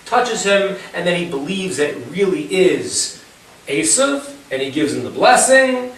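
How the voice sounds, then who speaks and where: A man's voice: high voice, sing-song, measured pace, a bit bright. A man teaching an informal Bible class, retelling the story in a chatty way and asking rhetorical questions. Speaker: Torah teacher. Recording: very echoey room, far from the mic, faint hiss.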